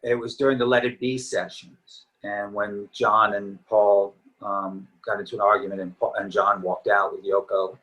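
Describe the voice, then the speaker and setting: A middle-aged actor guests on a casual interview, easygoing and reminiscing, his voice slightly tired from talking. He speaks at normal speed, fairly low in pitch with little movement and a fairly bright tone. The sound is lo-fi.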